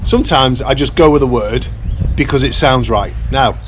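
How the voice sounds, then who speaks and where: A man's voice: mid-range voice, normal speed, a little hiss or hum. A man in his fifties vlogging from his farmhouse renovation, casual and chatty with a lot of slang, mumbling a bit and tailing off at the ends of sentences. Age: 50s. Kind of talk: casual chat to camera. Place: farmhouse under renovation in the countryside.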